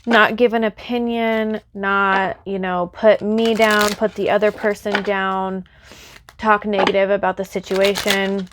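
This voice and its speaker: A woman's voice: medium pitch, flat delivery, unhurried, background noise. A woman reading tarot cards for her viewers. She speaks earnestly and reassuringly, addressing the viewer directly, and is close to tears. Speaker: tarot reader.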